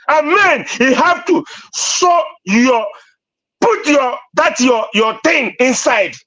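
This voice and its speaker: A man's voice: very high-pitched, lively intonation, measured pace, bright, forceful tone, muffled recording. A man with a Nigerian accent debating on a live stream, ranting insistently and repeating himself. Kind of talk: heated debate.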